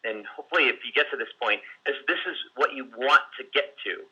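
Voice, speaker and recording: A man teaching sales on a group call, his voice strongly bright and sharp with a husky edge. He talks loosely, restarting sentences and leaning on fillers as he works through his points. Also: mid-range voice, fast talker, lo-fi sound. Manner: conversational, many restarts and fillers; acts out client and seller lines in quotes. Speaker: sales coach.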